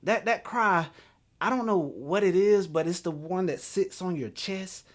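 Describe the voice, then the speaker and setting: Animated storytelling man. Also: high voice, unhurried. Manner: animated storyteller, laughs between lines. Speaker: podcast host. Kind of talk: storytelling talk.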